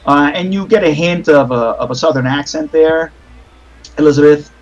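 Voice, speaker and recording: A man's voice: on the high side, moderate pace, highs cut off. A man narrating as game master of a tabletop game over a voice call, rambling with many fillers and restarts.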